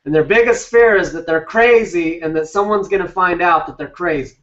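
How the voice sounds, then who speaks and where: A man's voice: high-pitched, brisk, a bit bright, roomy sound. A male relationship coach giving a live talk on a group call, blunt and emphatic with casual swearing. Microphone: video call. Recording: distant, dull lo-fi call audio.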